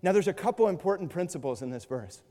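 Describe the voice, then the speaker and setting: A man with a high voice preaches in a church, his words trailing off into a long hall reverb. He is animated, jumping to loud mimicry, then dropping to hushed, earnest passages. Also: fast. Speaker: pastor. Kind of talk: sermon.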